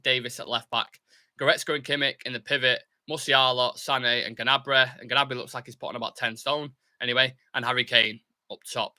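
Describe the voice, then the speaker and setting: A young man hosting a live football watchalong, chatting casually, reading out viewer comments and cheering on his team. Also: mid-range voice. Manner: chatty, reads viewer comments aloud, excitable bursts. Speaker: fan channel host.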